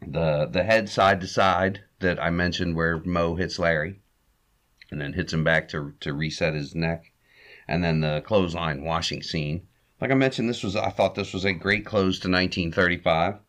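A man with a low voice walks through a story in relaxed, unscripted fashion. He chuckles as he goes and leans on "uh" and "you know" between beats. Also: normal speed. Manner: chuckles often, relaxed with fillers. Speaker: podcast host. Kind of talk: casual recap of an old comedy short.

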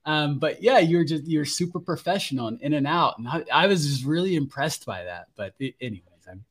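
A man's voice: fairly high pitch, lively intonation, fairly quick, husky. A man hosting a podcast, interviewing casually and animatedly acting out other people's voices as he tells stories. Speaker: podcast host.

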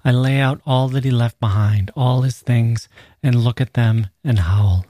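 Man reading a grieving peasant mother, dry close sound, mellow voice. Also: medium pitch, unhurried, no echo, close to an everyday voice. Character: grieving peasant mother, middle-aged woman.

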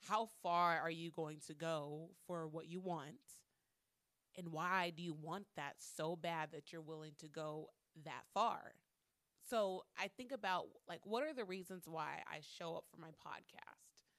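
A woman's voice: sits low, unhurried, a bit bright. A woman hosting a solo podcast monologue, talking candidly with frequent swearing and repeating lines for emphasis. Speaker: podcast host.

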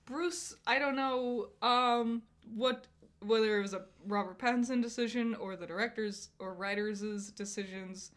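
A woman's voice: a little high, normal speed. A woman co-hosting a podcast, chatting casually with many fillers and frequent laughs. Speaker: podcast co-host. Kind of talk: casual chat.

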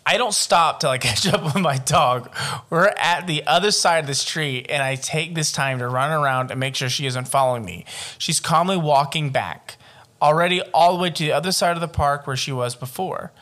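A man's voice: on the high side, normal speed, pushed and bright. A man hosting a casual podcast, reading a listener's scary story aloud and breaking off into profane jokes. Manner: profane, joking commentary. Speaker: podcast host.

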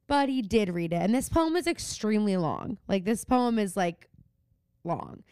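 A podcast co-host with a medium-pitched, darkish, clean voice recaps a TV episode in casual chat, very animated at a moderate pace. She acts out the characters' lines, recorded in clean studio sound without echo.

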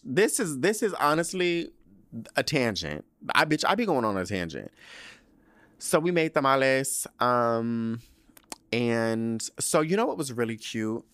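A man's voice: mid-range voice, fairly bright tone, dry recording. A young man hosting a podcast in a casual solo chat, rambling, profane and prone to tangents. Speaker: podcast host.

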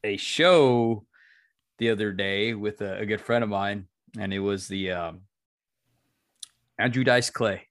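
Low-voiced man, casual host. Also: measured pace, pauses often, a bit bright, dry recording, studio quality. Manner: brief agreeable backchannels, casual chat. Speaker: podcast host. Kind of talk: podcast interview.

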